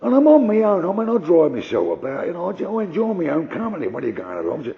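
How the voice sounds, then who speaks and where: An older man doing gruff, conversational stand-up storytelling. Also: fairly high pitch, wildly swooping pitch, fast, muffled recording. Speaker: stand-up comedian.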